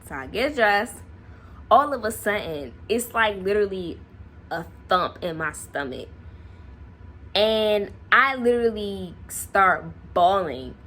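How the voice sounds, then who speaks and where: A young woman vlogger casually telling a personal story to camera, animated and laughing often. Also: medium pitch, slow. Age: young adult.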